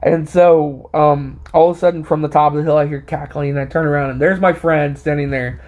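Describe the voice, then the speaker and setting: A man's voice: on the high side, fairly even intonation, a little fast, a little mellow, lo-fi sound. A man telling a casual story on his vlog, rambling with many fillers and restarts, a little short of breath. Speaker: vlogger.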